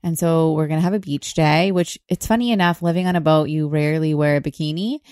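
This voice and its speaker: Woman co-host, very low voice, dry close mic, frank and unfiltered. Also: fairly even intonation, fast, a little mellow, no room sound. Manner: candid, blunt, self-deprecating. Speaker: podcast co-host. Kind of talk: casual chat. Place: on a sailboat. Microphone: podcast mic.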